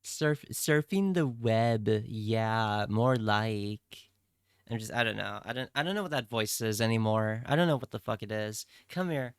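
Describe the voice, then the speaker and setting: A man's voice: on the low side, moderate pace, clear, resonant tone, no echo, clean studio sound. A young man streaming, chatting casually and playfully with his viewers in a rambling way. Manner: rambling, playful, talks straight to chat. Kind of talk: casual livestream chat.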